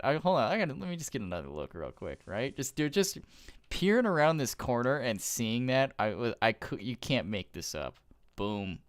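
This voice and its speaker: A man giving casual gameplay commentary, gushing with awe and often trailing off into soft murmurs. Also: mid-range voice. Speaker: gaming YouTuber.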